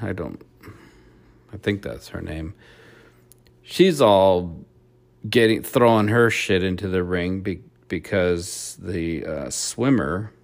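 Man, podcast host, solo rant, blunt and profane, gravelly, fairly low voice.

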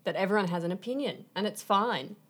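A woman's voice: medium pitch, animated, fairly quick, husky. A young woman co-hosting a podcast in casual chat, giggly and teasing, asking curious questions. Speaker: podcast co-host.

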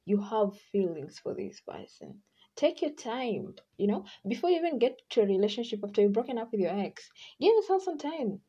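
A woman's voice: medium pitch, sing-song, brisk, dark tone, breathy edge, dull audio. A woman hosting a podcast, talking in a casual advice monologue, chatty and acting out quoted voices. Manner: chatty, acts out quoted voices, laughs often. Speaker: podcast host.

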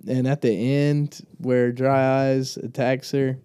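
A young man with a Southern US accent chats casually with a friend in an unhurried drawl. His voice is mellow and warm, and the sound is dry and close to the mic. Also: mid-range voice, level tone, smooth, dry recording. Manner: laid-back, drawling, puts on a jokey Irish accent at times. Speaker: podcast co-host. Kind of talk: casual chat.

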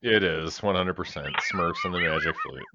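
A man's voice: low-pitched, moderate pace, heavy background noise. A middle-aged man co-hosting a podcast, rambling casually and swearing as he goes over box-office charts. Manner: rambling, swears casually, talks while eating. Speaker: podcast co-host. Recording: dull, lo-fi dry podcast audio.

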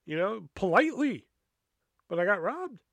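A young man tells a casual podcast story in a high, very lively voice. He rambles, swears often and leans on fillers. The recording sounds close and dry. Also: normal speed, creaky, no room sound. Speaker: podcast host.

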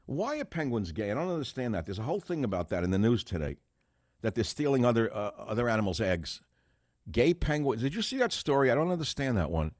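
A man's voice: medium pitch, sing-song, fast talker, dry recording. A man hosting a political talk radio show, rambling and sarcastic, riffing through rhetorical questions.

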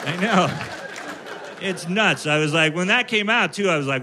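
Profane, lively stand-up comic man. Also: high-pitched, moderate pace. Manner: profane, ranting delivery. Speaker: stand-up comedian. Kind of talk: stand-up comedy set. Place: comedy stage before a live audience. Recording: live set with loud crowd and room noise. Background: audience laughter.

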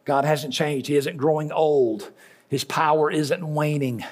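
A man's voice: a little high, fairly even intonation, a little slow. A middle-aged male pastor giving a folksy sermon, telling stories and repeating lines for emphasis. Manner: folksy storytelling preacher with repetitions for emphasis.

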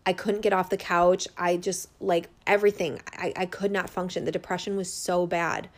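A woman in her thirties with a lowish voice speaks at a moderate pace with little pitch movement. A holistic healer and business owner, she talks earnestly and openly to viewers in an unscripted testimonial vlog, rambling and full of fillers.

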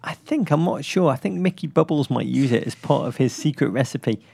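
A man co-hosting a podcast in casual comedic chat, playful and teasing, with jokes that jump up high. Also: expressive, fairly quick, creaky, darkish tone, husky. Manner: playful, teasing, bursts into high jokey tones. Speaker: podcast co-host.

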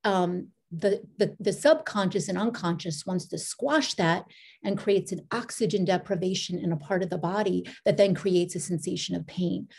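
A middle-aged woman, a podcast guest, telling her story in a meandering, casual way with restarts and lively quoted asides. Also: lowish voice, moderate pace, creaky, slightly rough.

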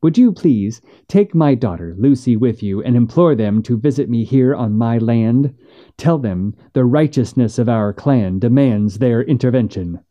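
A man's voice: medium pitch, expressive, a little slow, warm tone, dull audio, natural voice. A man voicing a stern, proud frontier widow who speaks in a clipped, cold way. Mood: cold, steely.

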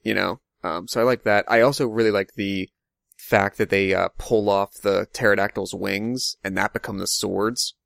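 Low gravelly man talking films. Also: fairly even intonation, moderate pace, fairly bright tone, no room sound, studio quality. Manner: rambling, thinks aloud with many fillers. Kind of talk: casual movie discussion.

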